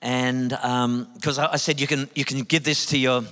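An Australian man, a Christian speaker, telling lively anecdotes in a sermon and acting out the dialogue. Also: mid-range voice, normal speed. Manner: animated anecdotes, acts out dialogue. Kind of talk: sermon storytelling. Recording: long hall reverb.

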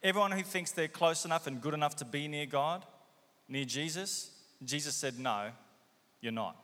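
Guy preaching a sermon, bright punchy voice, lots of questions, big hall echo. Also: on the high side, moderate pace. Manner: rhetorical questions, acts out quoted voices. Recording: long hall reverb.

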